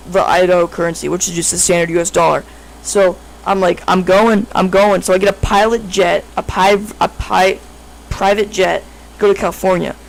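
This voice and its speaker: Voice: mid-range voice, vocal fry, poor audio. A speaker telling a made-up story in a casual, improvised way, rambling with lots of fillers and frequent self-corrections.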